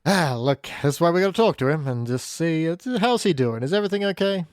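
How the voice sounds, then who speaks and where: A man's voice: on the high side, animated, brisk, no room sound, clean studio sound. A man co-hosting a casual review podcast, making wry jokes and asides. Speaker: podcast co-host.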